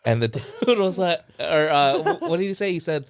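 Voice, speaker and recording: A man's voice: fairly high pitch, very animated, normal speed. A man co-hosting a podcast in casual chat, telling funny stories in a playful, joking way. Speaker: podcast co-host.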